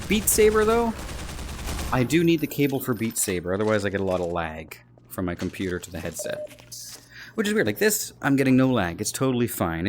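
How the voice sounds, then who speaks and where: A man's voice: fairly low pitch, a little hiss or hum. A man, an author, rambling and joking in casual commentary while he plays a VR game. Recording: game music behind.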